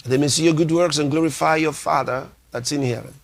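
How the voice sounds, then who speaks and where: A man's voice: on the high side, fairly even intonation, gravelly. A man preaching a sermon as a pastor, delivering emphatic lines, repeating key phrases and reading scripture aloud. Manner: reads scripture aloud slowly.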